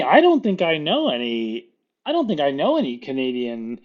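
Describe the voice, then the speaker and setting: A middle-aged man from Florida, a podcast guest telling stories in casual chat, lively and laughing often as he acts out quoted voices. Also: fairly high pitch, moderate pace, dull audio.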